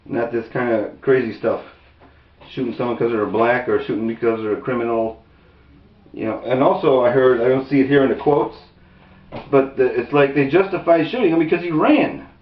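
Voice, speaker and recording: Indignant man ranting in a roomy room. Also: normal speed. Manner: indignant, rambling, with restarts and raised pitch when quoting. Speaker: video commentator. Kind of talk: angry unscripted commentary. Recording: roomy, distant, dull lo-fi sound.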